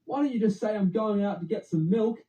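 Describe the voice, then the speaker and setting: A man's voice: high-pitched, fairly quick, dark tone. An exasperated man talking in a coaxing, fed-up way, in a roomy, dull clip.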